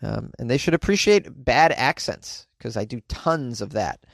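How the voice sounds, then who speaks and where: On his solo podcast, a man jokes around in a relaxed, chatty way, stumbling through plenty of fillers and restarts. His creaky mid-range voice swings widely in pitch at a moderate pace, captured in a dry, studio-quality recording.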